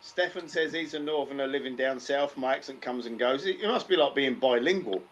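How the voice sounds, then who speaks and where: A man's voice: mid-range voice, brisk, muffled recording. A man with a southern English accent, joking and exclaiming in casual chat. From south of England. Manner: jokey, exclaiming. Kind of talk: casual chat on a video call. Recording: loud background noise.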